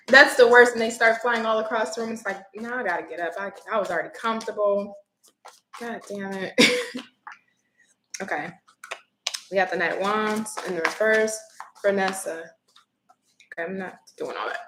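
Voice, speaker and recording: A chatty woman reads tarot cards on a livestream, speaking bluntly and casually. Her voice sits in a middle pitch. The room has a noticeable echo and faint background noise. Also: steady tone, moderate pace, long pauses. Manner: chatty, blunt, laughs easily. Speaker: tarot reader.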